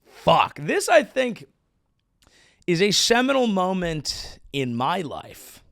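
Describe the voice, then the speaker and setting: A comedian in his thirties hosts his show with a rambling, profane, self-deprecating monologue. His voice is on the high side, captured in a dry, studio-quality recording.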